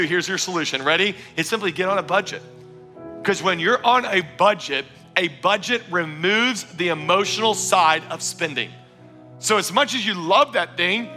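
A man preaching a sermon as pastor, energetic and emphatic, often repeating phrases for stress. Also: high-pitched. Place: church auditorium.

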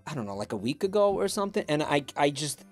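Excitable, lively-voiced young male streamer. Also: on the high side, fast talker, faint music behind. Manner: excitable, sweary, rambling, frequent restarts. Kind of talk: reaction stream commentary.

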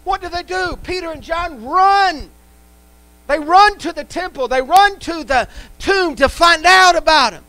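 A male pastor delivers a live sermon in a church sanctuary, hammering points home through repetition. His voice sits very high and sounds bright and forceful. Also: measured pace, no room sound, low-quality recording. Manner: emphatic, repetitive preaching.

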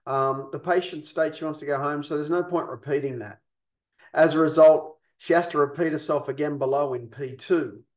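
The recording, echoey and dull lo-fi, holds a pastoral care training lesson from a man who explains things patiently and asks rhetorical questions. He speaks on the high side, steady in tone, at a moderate pace.

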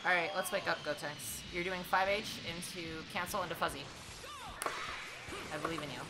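Woman streamer, lowish voice, casual play-by-play chatter with curses, game music loud underneath. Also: moderate pace. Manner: talks to herself while playing, swears, swings from mutters to excited yelling. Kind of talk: casual gameplay commentary.

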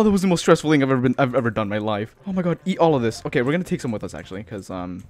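A man's voice: medium pitch, big pitch swings, very fast, few pauses, a little mellow, soft background music. A man giving jittery let's-play commentary, swearing often and calling everyone dude and bro. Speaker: gaming channel host.

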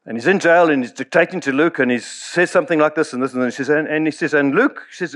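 Brief: male pastor, middle-aged, slightly higher voice, lively storytelling sermon delivery. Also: quick pace, few pauses. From South Africa. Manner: storytelling, acts out quoted voices, chuckles often.

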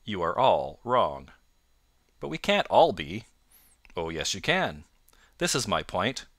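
A man voicing a sharp, confident male detective in an audiobook, cool and measured. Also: sits low, sing-song, no room sound, studio quality, heavily acted. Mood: calm, knowing. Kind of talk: audiobook narration.

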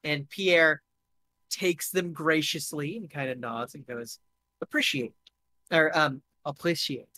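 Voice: mid-range voice, slow, sharp tone, no echo. A game master casually narrating a tabletop game, with lots of fillers and swearing. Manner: casual and profane with many fillers.

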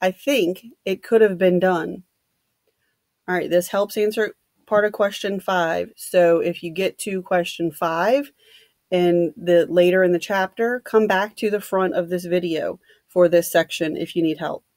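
A woman teacher reading a novel aloud to students, steady and plain, stopping to give brief instructions. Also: fairly low pitch, measured pace, no echo, studio quality.

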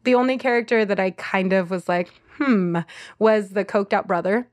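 A woman's voice: mid-range voice, brisk, no echo. Laughing woman podcaster, dry sound. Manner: hesitant, restarts, laughs easily. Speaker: podcast co-host. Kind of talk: casual film review chat.

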